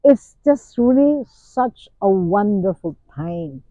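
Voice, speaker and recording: An older woman from the Philippines, hosting and sharing memories in a slow, musing way with many fillers. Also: medium pitch, animated, no room sound. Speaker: host. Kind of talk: casual reflective talk. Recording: tinny phone-like sound.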